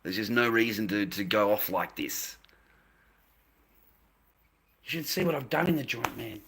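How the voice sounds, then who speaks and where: A man's voice: fairly low pitch, big pitch swings, measured pace, a bit bright. A middle-aged man ranting to a live chat, exasperated, swearing and repeating himself. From Australia. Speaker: livestreamer.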